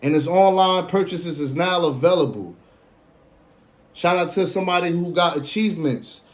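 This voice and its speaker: A man in his late twenties hosting a casual solo podcast, slangy and animated, swinging between a hyped voice and a low drawl. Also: moderate pace. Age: 20s. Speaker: podcast host.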